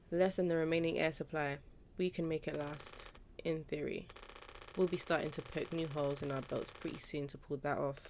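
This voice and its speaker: Young woman let's-play streamer, low gravelly voice, reads game lines in playful voices. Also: a little hiss or hum. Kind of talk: casual gameplay commentary reading dialogue aloud.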